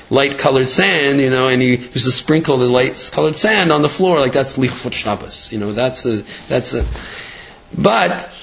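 A man's voice: on the high side, creaky, fairly bright tone. Rambling storytelling man, dull recording. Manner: rambling, full of fillers and restarts, acts out the people in the story. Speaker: religious teacher. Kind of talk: storytelling lecture.

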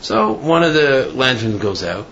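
Gravelly-voiced man giving a halting sermon. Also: big pitch swings, fairly bright tone. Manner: halting, with many fillers and restarts; acts out voices in the story with rising pitch. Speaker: rabbi giving a talk. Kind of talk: informal sermon with a parable. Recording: dull lo-fi recording with faint background noise.

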